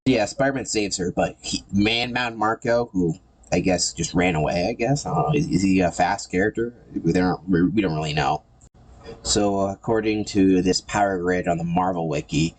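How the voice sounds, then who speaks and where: A man with a notably low voice talks through a comic book run in a loose, casual way. He is sarcastic and irreverent, and he often stumbles and repeats words mid-sentence. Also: lively intonation, normal speed. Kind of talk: casual commentary.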